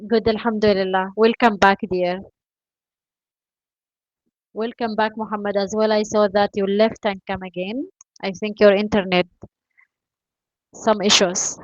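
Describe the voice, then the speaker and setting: A woman whose first language is not English, teaching an online English class by video call, encouraging and filling pauses with "you know" and "uh". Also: medium pitch, flat delivery, dry recording. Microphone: video call mic. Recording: dull lo-fi video call audio.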